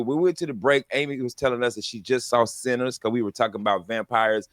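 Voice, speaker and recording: A man's voice: mid-range voice, quick pace, hardly any pauses, dry recording, clean studio sound. A man hosting a comedy radio show, chatting casually in slang and laughing often. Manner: laid-back slangy talk, laughs often. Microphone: studio mic.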